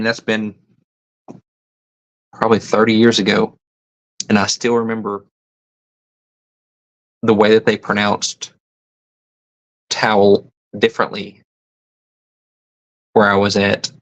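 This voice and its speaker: A man's voice: lowish voice, a bit bright, low-quality recording. A middle-aged man hosting a casual live stream, reading viewer comments aloud and musing about pronunciations with frequent chuckles. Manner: rambling, chuckles often, muses on pronunciations.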